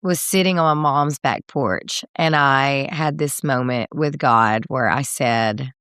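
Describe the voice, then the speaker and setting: A woman in her thirties, a singer guest in a candid interview, telling a personal story with many fillers and soft laughs. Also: very deep voice, slow pace, clean tone, dry recording, clean studio sound.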